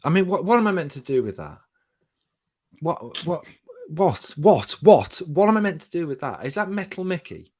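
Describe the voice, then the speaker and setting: A man's voice: a little high, sing-song, moderate pace, a little mellow. A man with an English accent, co-hosting a podcast in casual, jokey, sweary banter. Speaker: podcast co-host.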